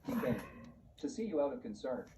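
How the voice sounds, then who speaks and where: A man reading the lines of a worried, caring young wife in a flat, even voice. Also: mid-range voice, brisk, close to an everyday voice. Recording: muffled, distant, faint hiss.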